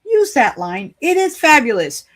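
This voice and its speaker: A woman's voice: high-pitched, sing-song, a little slow. A woman giving spiritual card readings on a live stream, chatty, playful and encouraging.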